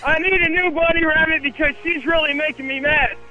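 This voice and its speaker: A man playing a menacing horror-park killer who taunts the visitors with high, shrill cackling calls. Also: fairly even intonation, fairly quick, highs cut off, loud music behind the voice. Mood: menacing glee.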